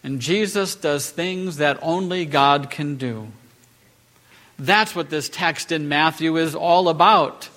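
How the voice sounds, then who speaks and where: High-voiced preacher, slow and emphatic. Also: male voice, a bit bright. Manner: emphatic, rhetorical questions, rising on key phrases. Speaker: pastor. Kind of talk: sermon. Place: church.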